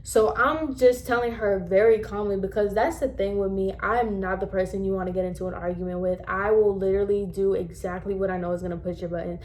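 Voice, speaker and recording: Animated woman telling a story. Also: medium pitch, a little fast, hardly any pauses. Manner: animated, emphatic, acts out the scenes. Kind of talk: casual storytime.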